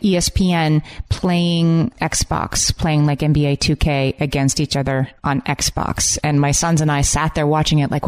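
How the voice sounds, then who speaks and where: Lower-voiced woman reading listener stories. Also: level tone, a little slow, few pauses, darkish tone, clear, resonant tone. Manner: upbeat, reads listener posts aloud. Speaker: podcast co-host.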